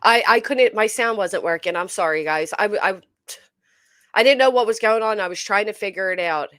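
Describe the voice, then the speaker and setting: A woman hosting a casual livestream, chatting to viewers in an animated, emphatic way with a forceful edge. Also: mid-range voice, normal speed, dry recording, studio quality. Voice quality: tends to sound forceful, described as angry. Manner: animated, emphatic, talks straight to chat. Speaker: livestream host.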